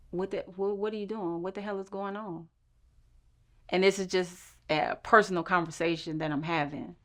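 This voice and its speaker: A woman recounts her own court case with intense emotion, acting out the dialogue as she tells it. Her voice is fairly low, clear, and resonant, with a fairly bright tone.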